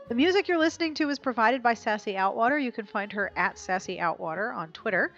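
A woman's voice: fairly high pitch, expressive, fast, hardly any pauses, a bit bright, muffled recording, soft background music. A woman hosting a podcast outro, chatty and upbeat, her voice stuffy and snotty after the flu. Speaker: podcast host.

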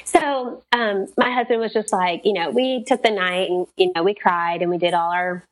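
Woman guest, casual, emotional storyteller, chatty and expressive, mid-pitched voice. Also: moderate pace, rough recording. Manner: animated, emotional retelling with lots of "like" and quoted dialogue.

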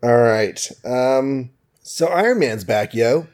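A man co-hosting a podcast, casually recapping an old comic book with jokes and quick quoted voices. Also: medium pitch, animated, darkish tone. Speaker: podcast co-host.

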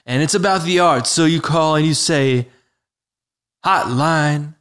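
A man playing a smooth, self-serious slam poet with a low baritone voice, talking slowly in a hushed, drawn-out way in an improvised comedy podcast. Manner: slow, hushed, drawn-out delivery with hums.

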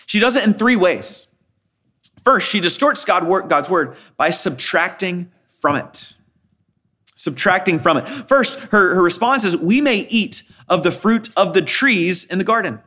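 High-voiced male pastor preaching. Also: lively intonation, measured pace, bright, forceful tone. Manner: expository, repeats phrases for emphasis; quotes scripture often, frequent restarts. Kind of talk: sermon.

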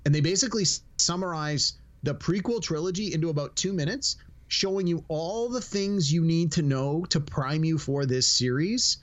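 Animated man with a slightly high voice. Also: moderate pace, dull audio. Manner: animated storyteller, acts out quotes, laughs while talking. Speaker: podcast host. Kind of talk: casual chat.

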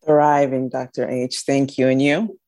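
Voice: mid-range voice, level tone, unhurried, darkish tone, dry recording. A co-host on a talk show, cheerfully reading a listener's question aloud.

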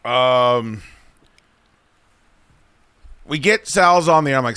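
A man's voice: mid-range voice, animated, slow, pauses often, pushed and bright, smooth, dry recording. A male radio host telling a profane, exasperated story in the studio, acting out other people's lines. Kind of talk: casual comic talk radio rant.

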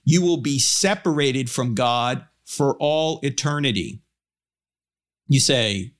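A man giving a public talk on Christian theology, animated, shifting his pace and pitch for emphasis and telling stories with humor. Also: unhurried. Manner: storytelling with humor. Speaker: Christian apologist speaker.

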